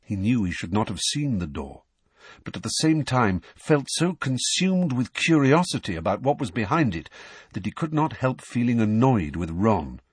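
A man narrating an audiobook in an expressive storytelling manner. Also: medium pitch, moderate pace, husky, no echo. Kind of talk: scripted narration.

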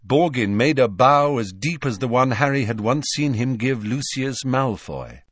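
An audiobook is read by a man of medium pitch who tells the story in a measured, expressive way. No echo, studio quality.

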